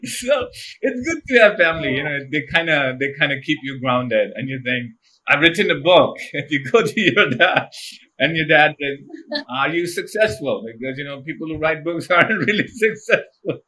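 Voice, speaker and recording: A middle-aged man tells stories as a podcast guest. His voice sits a little high for a man and has a forceful, bright edge. He laughs often as he tells his stories. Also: moderate pace. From India. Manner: animated, laughs often while telling anecdotes. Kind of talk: casual storytelling interview.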